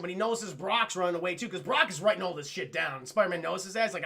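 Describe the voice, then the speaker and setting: A man's voice: high voice, quick pace, vocal fry, pushed and bright, breathy edge. A man streaming a profane, rambling recap of a cartoon episode and talking to his chat.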